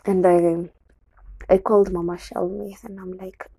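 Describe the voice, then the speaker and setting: A woman's voice: medium pitch, level tone, measured pace, vocal fry, mellow, slightly rough, dry recording, rough recording. A young adult woman with a Kenyan accent candidly tells a personal story on her show, slipping into Swahili words. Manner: candid, code-switching into Swahili.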